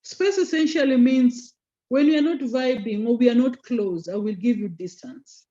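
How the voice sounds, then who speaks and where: A woman teaching a class online, slowing down to stress key terms and teasing students by name. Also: on the high side, mellow. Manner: code-switches into Swahili, teasing students by name. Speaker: communication skills lecturer. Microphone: video call. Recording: lo-fi video call audio.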